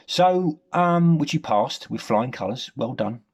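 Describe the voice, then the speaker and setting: A man giving a rambling, hesitant comic monologue, deadpan and full of ums. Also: medium pitch, unhurried, few pauses, breathy edge. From Nottingham, England. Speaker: comedy character monologue.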